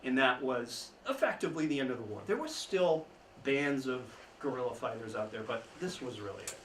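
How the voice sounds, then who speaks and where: A man giving an informal history talk to an audience, telling the story with chuckling asides and lively emphasis. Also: mid-range voice, fairly quick. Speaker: history speaker. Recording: echoey room, mic at a distance, faint background noise.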